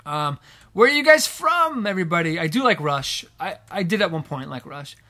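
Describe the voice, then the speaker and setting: A man's voice: a little high, big pitch swings, moderate pace, sharp tone. A man live-streaming from his home studio, chatting casually at the piano and reading out viewer comments. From Massachusetts.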